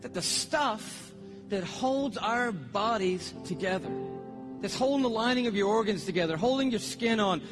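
A man preaching a sermon, telling a story with excitable, animated energy and acting out both sides of a conversation. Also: extremely high pitch.

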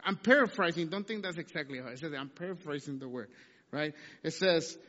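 A man preaching a sermon, animated and asking the congregation question after question. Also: a little high, brisk. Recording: dull sound with long hall reverb.

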